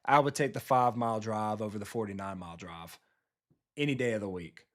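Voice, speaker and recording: With a fairly low voice and quick delivery, this man casually narrates his football video game play live. He swears freely and chats with his viewers, being both a streamer and a football coach.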